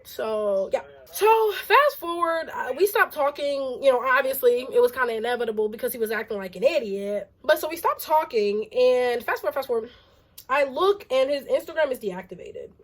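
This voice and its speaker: A young adult woman vlogger telling a casual storytime, animated and exasperated, with lots of "like" fillers. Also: high-pitched, normal speed. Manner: animated and exasperated, heavy use of "like".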